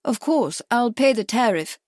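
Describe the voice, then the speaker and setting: A woman's voice: a little high, lively intonation, unhurried, no echo, studio quality, pitched above the performer's own voice. Woman voicing a lisping foppish upper-class lord. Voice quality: exaggerated posh lisp. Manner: fatuous, expansive, fluttery. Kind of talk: audiobook character voice.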